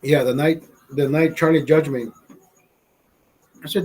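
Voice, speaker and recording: Man, forties, from honduras, husky voice, slightly high, casual profane storytelling. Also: fairly even intonation, a little slow, a little mellow, rough recording. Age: 40s. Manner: profane, rambling, laughing storyteller with restarts. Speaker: podcast host.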